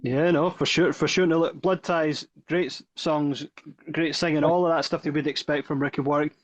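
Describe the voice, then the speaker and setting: A male interviewer asking questions in a casual, halting way, often stumbling and repeating words. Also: on the high side, steady tone. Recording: slightly dull lo-fi audio.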